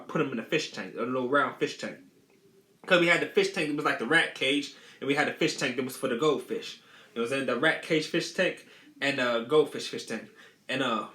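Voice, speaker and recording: A man's voice: mid-range voice, bright, forceful tone. A man casually telling a childhood story, rambling and repeating his phrases. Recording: roomy echo.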